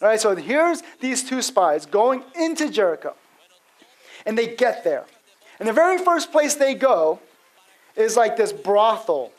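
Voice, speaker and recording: A man's voice: sits high, very animated, measured pace, low-quality recording. A male pastor giving an expository sermon in a casual storytelling manner, acting out quotes with frequent fillers.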